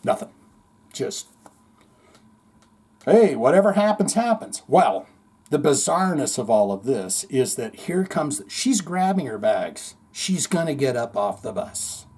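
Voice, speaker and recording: A man hosting a podcast, telling a long story in a rambling, animated way, full of swearing and acted-out quotes. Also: medium pitch, measured pace, breathy edge. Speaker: podcast host. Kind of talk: casual storytelling monologue.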